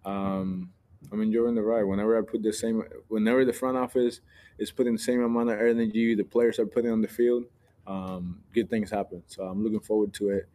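A man's voice: on the low side, flat delivery, brisk, mellow. A man from Puerto Rico, a ballplayer, answering interview questions in an easygoing way, often laughing and restarting his sentences. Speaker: guest ballplayer.

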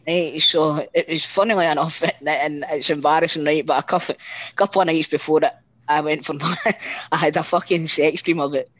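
A middle-aged Scottish man with a fairly high voice tells a rambling anecdote, full of swearing and false starts. The sound is close and dry, with no room around it. He keeps the tale going with lively energy. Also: normal speed, no echo, rough recording. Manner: animated, sweary, restarts often. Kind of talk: casual storytelling chat.

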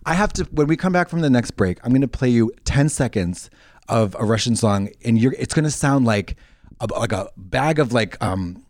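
A man co-hosting a podcast, in casual chat that rambles with halting restarts. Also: no room sound, clean studio sound. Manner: rambling, halting restarts, lively pitch swings. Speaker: podcast co-host.

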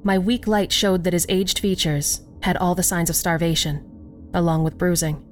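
Casting: female horror narrator, lower voice, unhurried and measured, faint music underneath. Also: steady tone. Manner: slow, measured storytelling. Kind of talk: scripted horror story narration.

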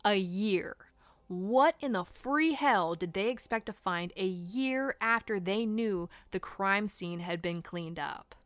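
A woman's voice: medium pitch, a bit bright, clean tone, no echo. A woman hosting a true crime podcast, reading a scripted account in a blunt, indignant way and swearing for emphasis.

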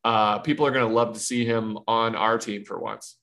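A man's voice: fairly low pitch, fairly even intonation, moderate pace, a bit bright. Laid-back man in casual sports chat. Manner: laid-back, chatty, laughs easily. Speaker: co-host, former player.

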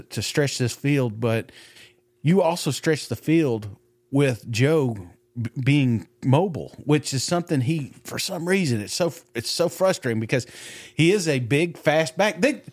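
A man's voice: fairly high pitch, animated, moderate pace, a little mellow, no echo. A man co-hosting a sports podcast, talking animatedly and swearing freely, with many stammering restarts. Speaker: podcast co-host. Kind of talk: casual sports talk.

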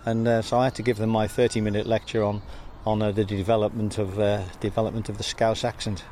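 A man's voice: lowish voice, little pitch movement, fast, darkish tone, a little hiss or hum. An older English man telling wry anecdotes in a casual outdoor interview. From England. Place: outdoors by a church in a town.

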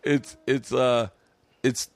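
Animated, swearing male podcast host. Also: mid-range voice, slow, no echo. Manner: animated storytelling, acts out quotes, laughs often, swears freely. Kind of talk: casual chat.

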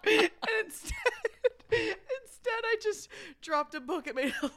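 Young woman, podcast guest, high lively voice, giggly, casual chat. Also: a little slow. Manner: giggly, laughs through her stories.

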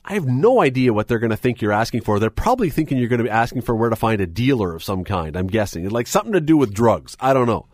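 A man's voice: mid-range voice, very animated, fast, hardly any pauses, no echo. A Canadian man hosting a radio talk show, chatty and opinionated, full of rambling asides into a studio microphone.

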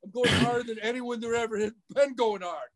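A man co-hosting a comedy podcast, hyped up, loud and profane. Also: extremely high pitch, a little fast. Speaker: podcast co-host. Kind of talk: casual comedic banter.

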